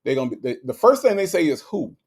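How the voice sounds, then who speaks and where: Animated man hosting a live stream. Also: fairly high pitch, racing, breathy edge. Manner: animated, rhetorical questions, repeats himself; slangy, conversational. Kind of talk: casual live commentary reading chat.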